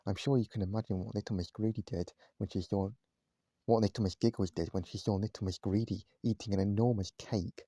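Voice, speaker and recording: A man reading a children's storybook aloud at home, gentle and speaking straight to his listeners. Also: fairly low pitch, fairly even intonation, fairly quick, dry recording. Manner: gentle, addresses listeners directly. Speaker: vlogger reading a bedtime story. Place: at home, indoors, cat on his knee.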